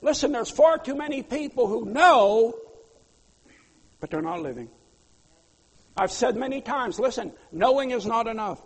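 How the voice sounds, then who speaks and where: A man preaching a sermon as a pastor, swinging between loud pleas and quiet asides. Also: very high voice, expressive, unhurried, pauses often. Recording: long hall reverb.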